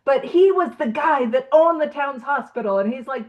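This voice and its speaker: A woman with a fairly high voice leads a recovery meeting. She tells a story in a lively, casual way, with frequent laughter. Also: normal speed, hardly any pauses, poor audio. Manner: animated storyteller, laughs often. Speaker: meeting leader.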